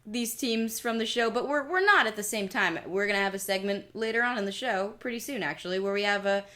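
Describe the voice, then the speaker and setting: A young adult woman co-hosting a podcast in casual chat, with a dry, deadpan, sarcastic delivery. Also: mid-range voice, fairly quick. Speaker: podcast co-host.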